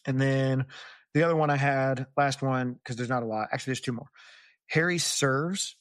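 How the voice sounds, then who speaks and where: A young adult man hosts a podcast, chatting casually about a book in a smooth, medium-pitched voice at a moderate pace. He's an animated storyteller who acts out the quoted lines. The close mic gives studio-quality sound with no echo.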